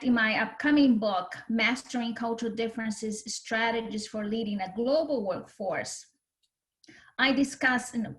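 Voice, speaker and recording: Brazilian-accented woman with a fairly high voice. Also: fairly bright tone. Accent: Brazilian Portuguese. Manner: earnest, explanatory, with repeated words. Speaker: guest, cultural differences consultant. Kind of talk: podcast interview.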